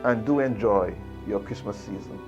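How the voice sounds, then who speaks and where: A man's voice: lowish voice, normal speed, highs cut off. A man giving an earnest, pastoral video message to his viewers, urging them to watch a clip. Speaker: ministry host. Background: music.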